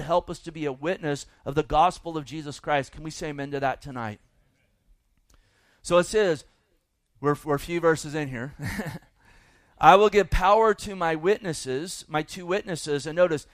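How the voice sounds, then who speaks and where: A man's voice: on the high side, clear, resonant tone, no echo. A man preaching a sermon as pastor, folksy and emphatic, with asides to the congregation.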